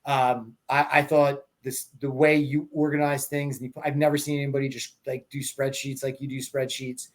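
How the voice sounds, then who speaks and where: A man's voice: medium pitch, little pitch movement, normal speed, hardly any pauses. A man hosting a podcast, telling stories in a rambling, casual way, restarting his sentences and laughing as he talks. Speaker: podcast host. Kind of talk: casual conversational storytelling.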